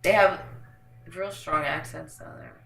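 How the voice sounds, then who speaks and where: A woman from New York with a New York accent, chatting as a podcast guest, animated and laughing often as she tells stories. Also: sits low, measured pace, gravelly. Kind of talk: casual podcast chat. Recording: echoey room.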